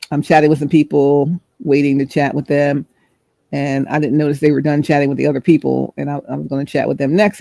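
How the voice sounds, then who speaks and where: Middle-aged woman vlogging, chatty storyteller, kinda gravelly and mellow. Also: sits low, no echo. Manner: chatty, rambling, searches for words. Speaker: host. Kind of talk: storytelling vlog.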